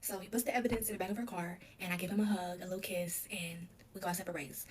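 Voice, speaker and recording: A woman tells her own story in a rushed, emotional storytime confession, her voice sitting slightly low. She keeps the words tumbling out, leaning on "like" again and again. A faint hiss sits under her voice. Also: fairly even intonation. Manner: rapid, emotional retelling full of "like".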